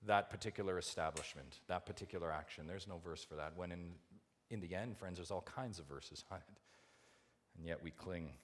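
A man preaching a sermon to his church, asking rhetorical questions and swinging from hushed asides to loud, emphatic build-ups. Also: low-pitched, normal speed, slight background noise. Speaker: pastor.

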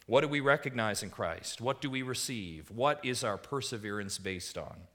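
A man preaching a sermon as pastor, moving from quiet reflection to emphatic appeals and repeated rhetorical questions to the congregation. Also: mid-range voice, animated, normal speed. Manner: swings between hushed reflection and rising emphatic appeals.

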